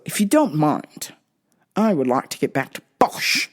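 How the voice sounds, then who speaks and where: A woman podcast host telling a story in a casual, profane, animated way. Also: low voice, measured pace. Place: in London.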